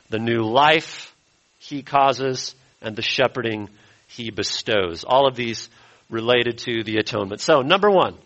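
A man preaching an expository sermon as pastor, emphatic and slowing down to stress key words. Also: mid-range voice, a bit bright, muffled recording.

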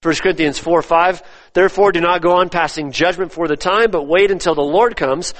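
A man preaching a sermon, emphatic, repeating his phrases and swinging between loud stresses and hushed drops. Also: high voice, brisk. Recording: long reverb of a church hall.

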